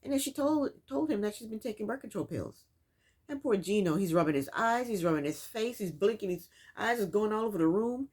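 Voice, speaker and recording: A woman's voice: a little high, lively intonation, brisk, a little mellow, slightly rough. A woman hosting a casual recap of a reality show, telling the events in her own words and scolding the people in it. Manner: sassy, scolds the people on screen.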